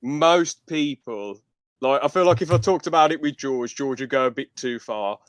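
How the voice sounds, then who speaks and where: Smooth-voiced podcast host, dry sound. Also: male voice, medium pitch, moderate pace, no room sound. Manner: rambling, stops to correct himself. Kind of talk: casual chat. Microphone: video call.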